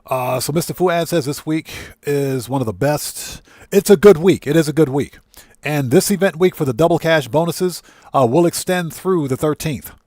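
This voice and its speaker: Fired-up male streamer, higher voice. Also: moderate pace, a little mellow, no room sound, studio quality. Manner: fired-up and indignant, greeting chatters by name. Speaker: livestream host. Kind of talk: ranting livestream chat.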